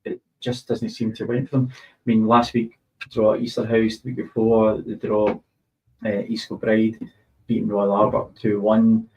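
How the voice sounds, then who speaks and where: A Scottish man with a slightly low voice, chatting as a football pundit. He thinks his predictions through aloud, weighing form and results before settling on a pick. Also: completely flat delivery, normal speed, a little mellow, dull audio. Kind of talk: casual chat.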